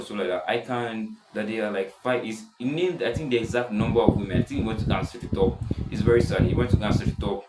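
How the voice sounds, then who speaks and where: A seventeen-year-old boy with a deep voice, rambling casually in a self-improvement vlog, full of restarts. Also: expressive, fast talker, echoey room, slight background noise, poor audio. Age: teens. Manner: rambling, many restarts and "stuff like that". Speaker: vlogger.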